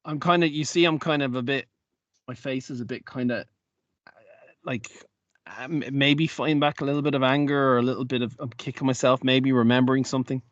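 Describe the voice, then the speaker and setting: A man's voice: medium pitch, fairly even intonation, fairly quick, no room sound, dull audio. A man playing a dwarf in a tabletop game who talks hesitantly with many fillers. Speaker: player.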